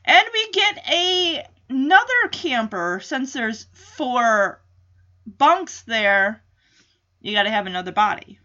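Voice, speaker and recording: A woman's voice: on the high side, big pitch swings, slow, bright, forceful tone, dull audio. A woman casually recapping a TV episode in a chatty way, with frequent laughs and filler words.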